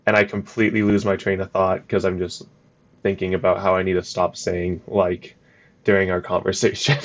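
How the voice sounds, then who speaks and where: A young man co-hosting a casual podcast chat, speaking in an even, flat tone that hides his jokes. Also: low-pitched, normal speed, lo-fi sound. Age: young adult. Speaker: podcast co-host.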